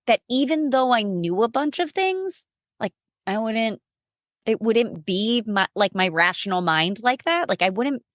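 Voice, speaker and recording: A woman guest on a podcast telling her story in a casual, expressive, self-mocking way, full of "like" fillers. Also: medium pitch, dry recording, studio quality. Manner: chatty with frequent "like" fillers.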